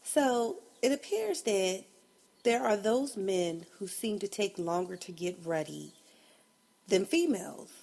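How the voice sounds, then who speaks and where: A woman's voice: medium pitch, animated, slow pace, gravelly, darkish tone, a little hiss or hum. A woman hosting a casual solo podcast, blunt and profane, laughing often, a bit congested. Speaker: podcast host.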